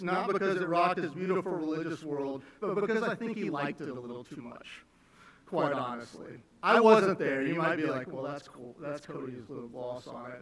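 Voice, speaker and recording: A man speaking as a son giving a eulogy at a memorial. He is emotional and halting, restarting often between fillers. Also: on the high side, fairly bright tone. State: emotional, on the edge of tears. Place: large church sanctuary. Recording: echoey church from a distance.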